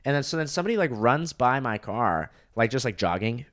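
A young man telling a story in casual chat, with a mid-pitched voice. He rambles in a crude way, leaning on "like" constantly. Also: very animated, fairly quick, a crowd in the background. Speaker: comedian guest.

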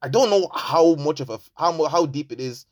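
A young man co-hosting a casual chat, telling stories in an animated, slangy way. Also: a little high, a little fast. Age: young adult. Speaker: podcast co-host.

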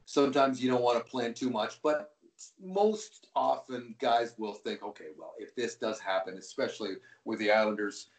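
Rambling hockey broadcaster telling stories. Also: male voice, mid-range voice, moderate pace, reverberant. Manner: relaxed, rambling with frequent restarts. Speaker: hockey play-by-play broadcaster, guest. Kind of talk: anecdotal interview storytelling.

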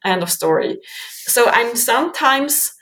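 Woman guest, chatty and animated, lots of um and you know, does little voices. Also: on the high side, unhurried. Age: adult with three kids. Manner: animated, acts out inner voices, many fillers. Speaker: guest author. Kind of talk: conversational interview.

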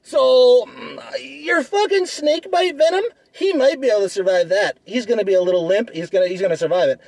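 Young man, higher voice, dry close sound, swears constantly, boastful and fired up. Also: expressive, a little mellow, dry recording, low-quality recording. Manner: heavy swearing, fast and boastful. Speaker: debater. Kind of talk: heated comedic argument.

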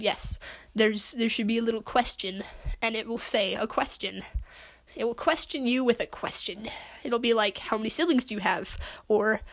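Rambling young woman, slightly high voice. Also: fairly bright tone. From Utah. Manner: awkward, self-deprecating, meandering. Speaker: podcast host. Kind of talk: rambling solo podcast chat. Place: her bedroom.

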